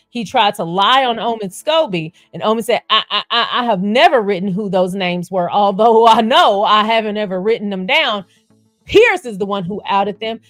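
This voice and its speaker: A woman's voice: mid-range voice, no room sound. A woman hosting a livestream, blunt and sarcastic, reading viewer comments and laughing often. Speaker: livestream host.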